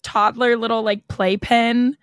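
A young woman co-hosting a podcast in casual chat, playful and quick with asides. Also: on the high side, level tone, no room sound, clean studio sound. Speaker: podcast co-host.

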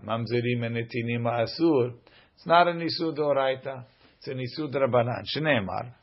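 A man's voice: medium pitch, muffled recording. A man teaching a Talmud lesson, reading each Aramaic line aloud and then translating it.

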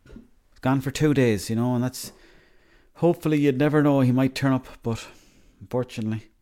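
A young Irishman rambling through a deadpan, sweary comic monologue. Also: medium pitch, moderate pace, clear, resonant tone. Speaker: comedy monologuist.

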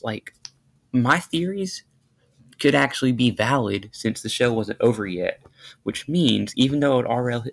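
A man's voice: medium pitch, creaky. A man hosting his own podcast, telling a story in a rambling, self-deprecating way with many fillers and restarts. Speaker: podcast host. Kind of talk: casual storytelling monologue.

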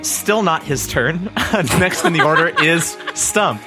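A man's voice: a little high, animated, slow pace, over loud music. A man running a tabletop game as game master, narrating casually with fillers and laughter.

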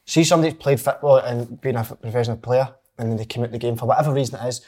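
A man's voice: mid-range voice, fairly even intonation, very fast, mellow. A Scottish man, a footballer, ranting bluntly in casual chat, laughing and swearing. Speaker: footballer, podcast regular.

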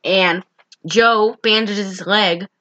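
A woman co-hosting a casual movie review chat, exasperated and animated, acting out characters' lines as she recaps. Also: mid-range voice, slow, highs cut off. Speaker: podcast co-host.

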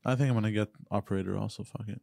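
A man's voice: fairly low pitch, steady tone, racing, creaky, dark tone. A man co-hosting a podcast, answering with short, blunt reactions in casual chat.

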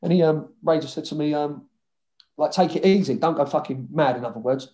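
A former footballer tells rambling stories from his playing days. He swears freely and keeps his tone loose and chatty. His voice sits a little high for a man. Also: brisk, mellow. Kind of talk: casual storytelling interview.

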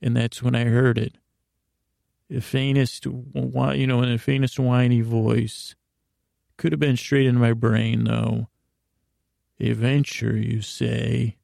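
Gravelly, flat-voiced deadpan man. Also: mid-range voice, unhurried, no room sound, studio quality. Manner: stammering, with many restarts and self-corrections; deadpan and awkward. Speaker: comedian telling a story. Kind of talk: rambling comedic monologue.

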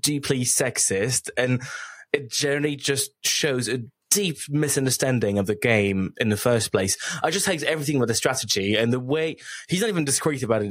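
A man's voice: medium pitch, dry recording. Man co-hosting a chatty podcast, dry sound. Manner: opinionated, ranting critique. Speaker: podcast co-host. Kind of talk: casual chat reviewing reality TV.

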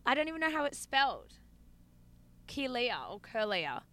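Young woman, bright and sweary. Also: high voice, moderate pace. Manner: animated, swears a lot, laughs often. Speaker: podcast co-host. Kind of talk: casual chat. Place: inside a car. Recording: car recording with road noise.

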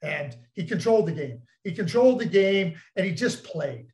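A man co-hosting a podcast, telling stories in a teasing, animated way. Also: sits high, normal speed, echoey room, rough recording. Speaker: podcast co-host, former hockey executive. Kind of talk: casual storytelling chat.

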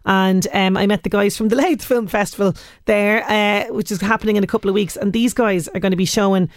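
A woman's voice: mid-range voice, steady tone, brisk. An Irish woman hosting a local radio show, chatty and enthusiastic in her delivery. She speaks close to a studio mic with a dry, tight sound and no room echo. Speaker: radio presenter. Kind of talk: local radio presenting and interviewing. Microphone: studio microphone.

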